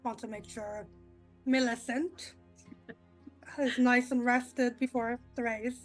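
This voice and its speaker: A woman's voice: on the high side, fairly even intonation, takes it slowly, faint music behind. A woman playing a tabletop game, talking cheerfully and giggling between lines. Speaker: player. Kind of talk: casual chat at a tabletop game.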